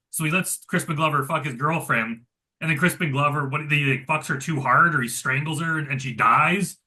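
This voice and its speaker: A man's voice: on the high side, fairly quick, sharp tone. A man co-hosting a casual movie review chat, rambling with lots of filler words. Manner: rambling, heavy use of "like" fillers.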